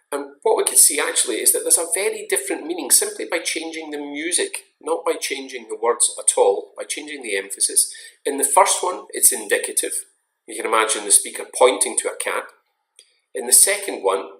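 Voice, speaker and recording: A man giving a recorded online lecture in a measured, explanatory way, stressing key words. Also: mid-range voice, a bit bright. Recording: roomy echo.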